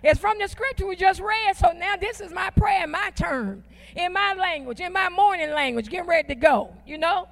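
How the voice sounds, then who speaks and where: A woman preaching a sermon in a church, with call-and-response and slow, drawn-out emphatic phrases. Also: very high-pitched. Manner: folksy, uses "ain't" and "y'all".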